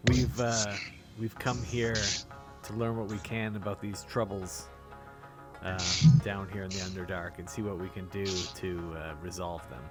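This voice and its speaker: A man's voice: sits low, fairly even intonation, measured pace, faint music behind. A man playing a tabletop game, earnest and slightly hesitant. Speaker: player.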